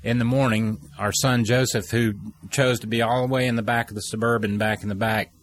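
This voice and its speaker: A middle-aged man telling an emotional faith story, animated and acting out the quoted voices. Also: medium pitch, a little fast. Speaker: guest telling a testimony.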